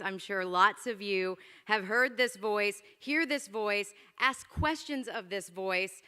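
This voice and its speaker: A woman hosts an evening gala on a stage microphone, her voice clear and bright. She makes playful asides to the audience, and her words carry a long reverb from the hall. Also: mid-range voice, measured pace, hardly any pauses. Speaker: master of ceremonies. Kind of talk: emceeing a gala event. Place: large event hall.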